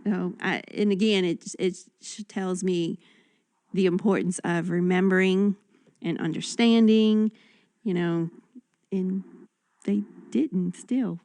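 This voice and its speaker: A woman's voice: lowish voice, fairly even intonation, slow pace, darkish tone, dry recording. A woman reading Bible verses aloud, then commenting on them in a conversational way. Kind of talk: reading and discussing scripture.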